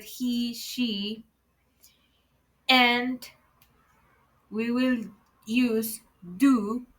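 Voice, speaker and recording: A woman's voice: fairly high pitch, pushed and bright, poor audio. A woman teaching English online, explaining word order carefully to viewers she calls guys, speaking English as a second language. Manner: careful explanations, repeated warnings to be careful.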